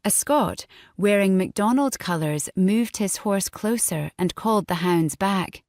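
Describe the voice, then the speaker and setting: Woman audiobook narrator, slow measured reading, lowish voice, dry close studio sound. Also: expressive, a little mellow, no room sound. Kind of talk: scripted narration. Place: recording studio. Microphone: close studio mic.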